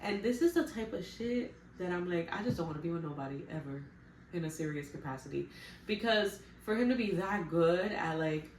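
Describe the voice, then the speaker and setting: A woman's voice: on the low side, lively intonation, brisk, a little mellow, distant mic. A woman talks through a reality show recap in a loose, slangy way, with blunt little asides. Her voice sits back from the microphone in a roomy space with an echo. A faint hum runs underneath. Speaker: TV recap vlogger.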